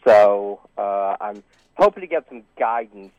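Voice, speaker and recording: A man's voice: fairly low pitch, expressive, a little slow, no echo. A man calling into a show, telling a long story in a rambling way with many restarts and fillers. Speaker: caller. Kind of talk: call-in phone story. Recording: dry tinny phone line.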